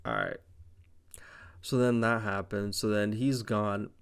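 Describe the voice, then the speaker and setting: A young man casually recapping a wrestling show, rambling, excited and profane. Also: fairly low pitch, slow pace, vocal fry, smooth. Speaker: wrestling reviewer.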